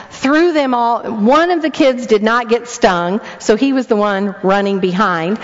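A grandmother preaches a storytelling sermon in a slightly high voice, animatedly voicing each character. There's a little hiss or hum, plus a long hall echo and a dull lo-fi sound.

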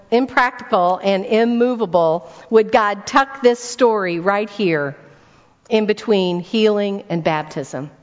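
A woman preaching a sermon to a congregation, telling stories, asking the room rhetorical questions and repeating words for emphasis. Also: medium pitch. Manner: storytelling with rhetorical questions to the audience. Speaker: speaker at a church weekend event. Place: church hall before a congregation. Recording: dull recording in a reverberant hall.

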